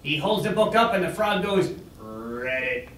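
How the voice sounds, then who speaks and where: A man's voice: high-pitched, a little fast, fairly bright tone. A man eagerly rambling through a long corny joke, recorded from a distance in an echoey room. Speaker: joke teller.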